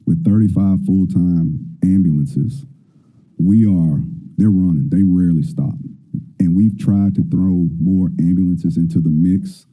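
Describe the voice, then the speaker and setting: A male fire department official calmly answering budget questions at a public hearing. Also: sits low. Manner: measured, explanatory. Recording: tinny phone-like meeting audio.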